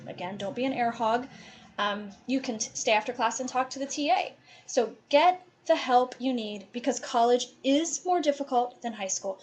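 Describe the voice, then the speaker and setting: Upbeat encouraging woman, slightly high voice. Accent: Appalachian. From Appalachia. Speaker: college advisor. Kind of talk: presentation.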